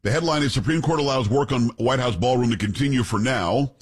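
A middle-aged man hosting a radio talk show, chatting casually and telling stories fast with comic voices. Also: mid-range voice, breathy edge.

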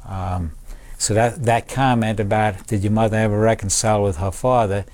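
An older man, a veteran, telling a personal story in a measured, reflective way. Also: lowish voice, fairly even intonation, a little mellow. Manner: measured, reflective, with small restarts.

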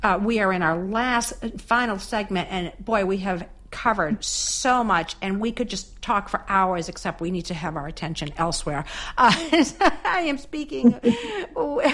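A woman's voice: medium pitch, moderate pace, hardly any pauses, fairly bright tone. Chatty woman podcast host. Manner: chatty, many fillers and restarts, laughs easily. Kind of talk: conversational interview hosting.

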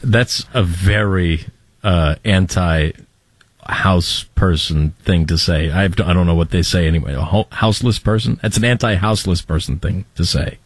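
Deep, husky man joking with hesitation. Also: no room sound. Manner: joking, halting, correcting himself. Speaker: podcast co-host. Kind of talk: casual chat.

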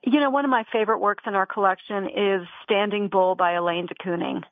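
A woman, a museum guest on a radio interview, explaining with measured enthusiasm. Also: mid-range voice, steady tone, no echo. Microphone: phone line. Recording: tinny phone line.

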